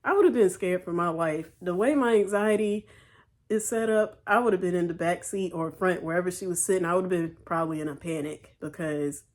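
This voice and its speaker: A woman's voice: fairly low pitch, a little fast, a little mellow. A woman hosting a reaction video, giving casual, emphatic commentary. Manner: emphatic, chatty.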